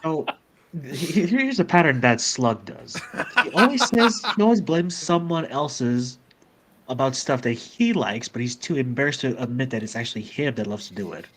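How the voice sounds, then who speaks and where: A man's voice: medium pitch, lively intonation, moderate pace. Chatty man who laughs a lot. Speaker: guest, journalist. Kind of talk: casual chat.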